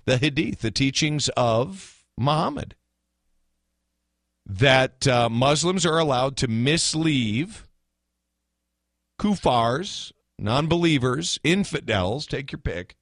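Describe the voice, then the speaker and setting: A man's voice: mid-range voice, lively intonation, slow pace, fairly bright tone, no room sound. A man hosting a talk radio show, giving blunt, opinionated commentary with sarcastic asides from a studio mic.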